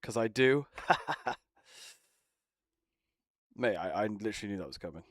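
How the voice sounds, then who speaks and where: A young male streamer bantering casually with friends laughs a lot, teases, and swears often. His voice is on the low side, animated and unhurried, recorded in clean studio sound with no echo.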